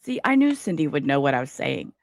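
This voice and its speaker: Rambling woman livestreamer, lively pitch. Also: quick pace, gravelly, no room sound, studio quality. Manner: rambling, scattered, swears casually. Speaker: livestream host. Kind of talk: casual livestream chat.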